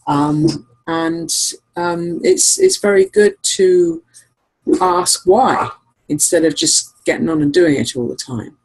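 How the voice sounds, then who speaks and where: A chatty woman talking casually on an online call, her voice gravelly and a little husky. She rambles along and laughs easily. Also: fairly low pitch, sing-song, slow pace, darkish tone, low-quality recording. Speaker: regular sharer on a call-in show.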